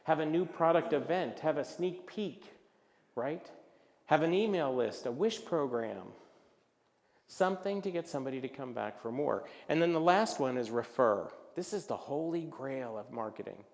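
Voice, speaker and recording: A man giving a business presentation at a luncheon, animated and jokey, acting out little voices as he talks. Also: fairly high pitch, moderate pace, gravelly, big-room sound. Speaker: luncheon speaker. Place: event hall.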